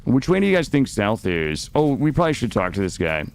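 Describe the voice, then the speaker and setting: A young man streaming a game, chatting casually with viewers, swearing often and swinging between loud remarks and muttering. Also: mid-range voice, very animated, a little fast, creaky. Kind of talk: casual gameplay chat with viewers. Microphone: studio microphone.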